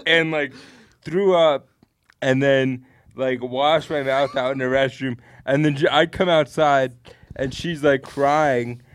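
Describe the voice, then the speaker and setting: A man's voice: medium pitch, fairly even intonation, slow pace, smooth. A young man on a podcast, casually telling a long story to friends, rambling with lots of fillers and swearing. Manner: rambling, laid-back, heavy swearing and fillers. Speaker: podcast co-host.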